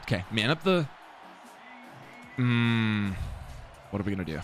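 A young man giving live commentary while playing a video game, swearing and repeating himself, sometimes breaking into yells. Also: on the low side, measured pace, pauses often, over music. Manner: swears and mutters the same phrase over and over; excitable, jumps into yelling.

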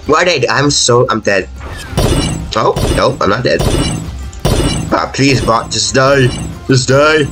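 A man's voice: medium pitch, lively intonation, slow, pauses often. Frantic young man commentating his gameplay. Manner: frantic, pleading and self-mocking. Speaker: gaming YouTuber. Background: game music.

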